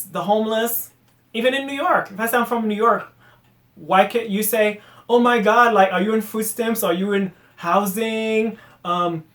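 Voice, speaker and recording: A man, hosting a casual solo podcast rant, animated and exasperated, sometimes trailing off into muttered asides. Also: a little high, reverberant. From Haiti. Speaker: podcast host.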